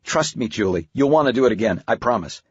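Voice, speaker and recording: A man voicing a playful middle-aged father who coaxes his daughter along, speaking a little higher than the narration. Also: animated, quick pace, husky, dry recording. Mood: coaxing. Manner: coaxing, lightly raised. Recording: dull, muffled audiobook recording.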